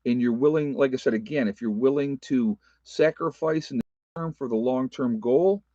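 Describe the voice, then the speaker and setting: A man with a mellow, medium-pitched voice speaks at a moderate pace, with no echo and the highs cut off. He's a prepper vlogger on a rural off-grid homestead, casually chatting with viewers and reading live comments, folksy and emphatic, repeating himself and using fillers.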